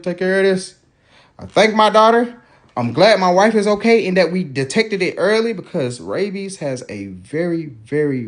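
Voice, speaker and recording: Animated man telling a funny story. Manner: animated, drops into low mumbles for asides. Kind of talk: casual comedic storytelling.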